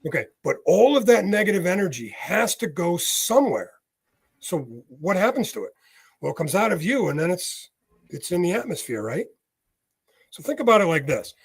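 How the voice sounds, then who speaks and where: An American man appears as a guest medium in a casual interview, explaining things through homely, folksy examples and often tagging on "right?". His voice sits high and sing-song at a moderate pace, gravelly and slightly rough.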